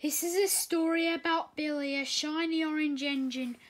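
A woman reading a children's storybook aloud, gently, with small slips and restarts. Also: sits high, steady tone, normal speed, a little hiss or hum. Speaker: reader.

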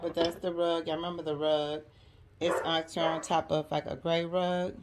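A chatty woman in her forties with a low voice talks casually to her viewers at home. She keeps calling them y'all and girl as she goes. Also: level tone, normal speed, noisy background. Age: 40s. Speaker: lifestyle vlogger. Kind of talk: casual chat to camera. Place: at home, decorating a room.

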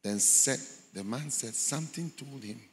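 With a mid-range voice at normal speed, a man preaches in a large church, dramatizing a story and performing the voices of its characters. Slight background noise sits under the long reverb of the hall, and he speaks as a pastor.

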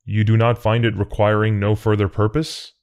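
A man reading an audiobook, voicing a godlike disembodied presence in a measured, tolerant, coolly matter-of-fact way. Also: fairly low pitch, level tone, a little mellow, natural voice. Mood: calm, tolerant. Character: calm all-knowing godlike male voice.

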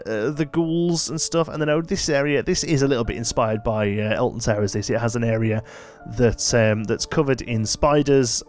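A tired man rambling through casual gameplay commentary late at night, with plenty of fillers and asides. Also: mid-range voice. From United Kingdom. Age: adult, married. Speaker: let's play host.

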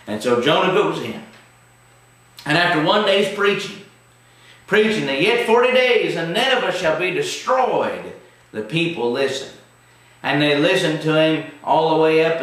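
A man's voice: fairly high pitch, a bit bright. A man teaching a televised Bible study in a folksy, emphatic way. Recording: very echoey room, distant mic.

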